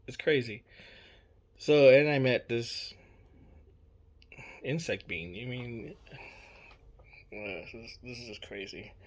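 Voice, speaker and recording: A man's voice: medium pitch, slow pace, pauses often. A young man telling a personal story in a casual, rambling way, repeating himself with lots of fillers and swearing. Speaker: storyteller recounting a personal experience. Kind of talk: casual spoken account.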